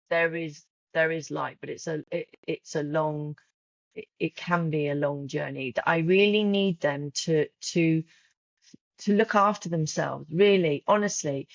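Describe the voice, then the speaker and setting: A woman with a deep voice, a journal creator, talks candidly and emotionally as a podcast guest in a casual interview. Her heartfelt speech often restarts and repeats. The recording is dry and muffled.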